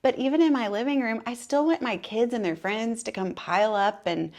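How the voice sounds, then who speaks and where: A woman's voice: a little high, brisk, darkish tone. A woman co-hosting a casual chat from a room in her home, talking in a rambling way with many asides. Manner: chatty, rambling, with frequent asides. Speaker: podcast co-host.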